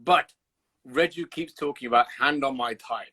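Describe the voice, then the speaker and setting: A man's voice: mid-range voice, moderate pace, pushed and bright, slightly rough, rough recording. A man hosting a casual livestream chat over a video call, teasing his guest, swearing freely and telling stories with animation. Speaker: host.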